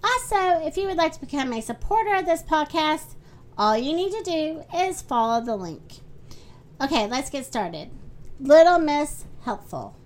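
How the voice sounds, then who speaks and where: A woman hosting a children's story podcast, reading a storybook aloud with lively character voices. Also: sits high, normal speed.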